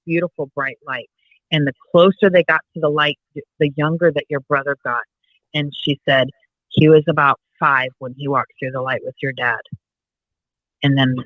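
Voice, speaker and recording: A woman co-hosting a podcast, casually telling a personal story and retelling dialogue in a hushed voice. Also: low voice, steady tone, normal speed, long pauses, dry recording, narrow, tinny audio. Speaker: podcast co-host.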